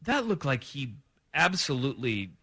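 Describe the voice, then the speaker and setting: Lively, bright-voiced sports radio host. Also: male voice, medium pitch, normal speed, husky. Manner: animated, acts out his own reactions. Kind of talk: sports talk radio chat.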